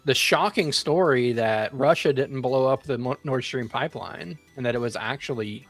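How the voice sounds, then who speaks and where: A man's voice: mid-range voice, moderate pace, no echo, faint music behind. Joking man hosting a podcast quiz. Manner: joking, teasing. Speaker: quiz host. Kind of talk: casual podcast quiz banter.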